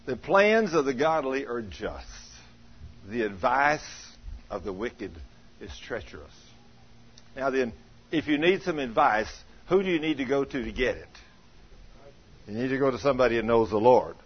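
A husky-voiced man preaching in a lively, swooping way, telling homely stories and putting on the voices of the people in them. His pitch moves all over as he talks. The recording is dull and lo-fi. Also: moderate pace. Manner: animated, acts out quoted voices, breaks into shouts. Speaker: pastor. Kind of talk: folksy sermon with storytelling.

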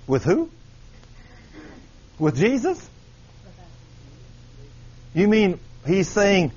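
A man preaching a sermon, animated and firing questions at his congregation, on a dull lo-fi recording. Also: high-pitched, extremely slow, pauses often, husky.

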